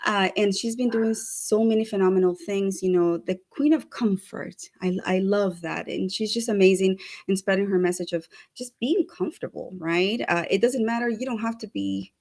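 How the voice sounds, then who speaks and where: A woman co-hosting a talk show, chatting casually and upbeat as she gives many shout-outs. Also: medium pitch, moderate pace, hardly any pauses. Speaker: co-host. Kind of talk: casual chat.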